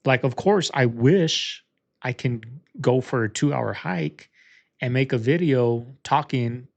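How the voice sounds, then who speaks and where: A man's voice: medium pitch, slow pace, vocal fry, highs cut off. A man hosting a reaction channel, talking casually and earnestly straight to his viewers, rambling a little as he gives his view.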